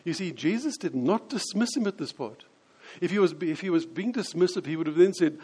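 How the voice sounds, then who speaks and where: A man preaching a sermon, explaining scripture and acting out quoted voices with lively changes. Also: sits high, a little fast, slightly rough. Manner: animated, acts out quoted voices.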